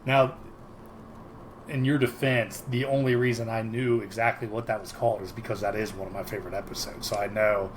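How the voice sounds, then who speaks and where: A man's voice: on the low side, level tone, brisk, a little hiss or hum. A man co-hosting a casual podcast chat who rambles and restarts his sentences, recorded over a video call. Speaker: podcast co-host.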